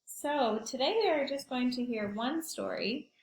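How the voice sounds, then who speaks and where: A woman school librarian speaking slowly and cheerfully to young children from her home, introducing a read-aloud. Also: sits high, reverberant, a little hiss or hum. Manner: slow, cheerful, talking to small children.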